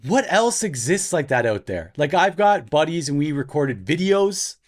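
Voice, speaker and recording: A man's voice: on the high side, sing-song, moderate pace. A man co-hosting a podcast, joking around in playful casual banter. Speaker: podcast co-host. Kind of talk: casual chat.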